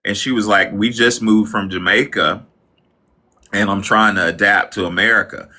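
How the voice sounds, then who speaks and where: Bright, animated man telling a story. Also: on the low side, normal speed. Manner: animated anecdote, hesitant start. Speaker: teacher. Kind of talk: storytelling in panel talk.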